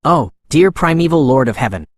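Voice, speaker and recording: A man voicing a cautious male sword master who speaks in a guarded, measured way, read in a recap narration in a dry recording. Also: a little high, lively intonation, dry recording.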